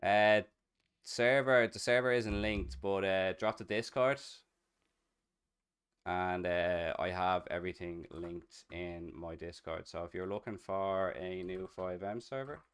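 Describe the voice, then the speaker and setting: Deep-voiced Dublin Irish man. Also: fairly even intonation, slow pace, fairly bright tone, clear, resonant tone. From Ireland. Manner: chatty, rambling, swears casually. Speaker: streamer. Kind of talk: casual chat while streaming a roleplay game.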